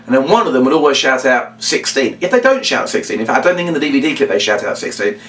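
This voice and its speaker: A middle-aged man teaching a children's magic routine, animated and acting out his patter lines. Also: quick pace. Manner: animated, jumps into a high shouty kids'-show voice for demo lines. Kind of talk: instructional talk with acted-out patter. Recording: echoey room, mic at a distance.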